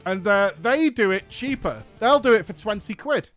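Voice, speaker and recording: A man with a high, bright-toned voice and an English accent tells a rambling story to his viewers. His delivery is exasperated and profane, and he acts out both sides of each conversation. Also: animated, moderate pace, faint music behind. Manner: exasperated, profane anecdote with acted-out dialogue. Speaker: streamer host. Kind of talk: casual storytelling.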